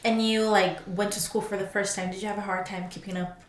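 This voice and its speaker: A woman's voice: mid-range voice, level tone, fast, slight background noise. A woman co-hosting a podcast who talks candidly and pokes fun at herself. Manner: candid, self-deprecating. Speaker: podcast co-host. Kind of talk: casual chat. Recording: roomy echo.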